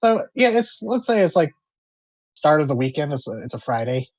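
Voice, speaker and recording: A man's voice: a little high, very animated, brisk, a little mellow, dry recording, lo-fi sound. Rambling male game master. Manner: rambling, many fillers and restarts. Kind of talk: narrating a tabletop role-play game.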